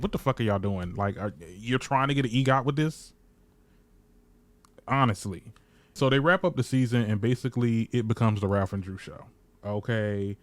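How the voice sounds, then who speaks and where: A man with a fairly low voice recaps a reality TV episode in chatty, shady commentary, swearing freely and doing animated impressions of the cast in quotes. The recording has no room sound.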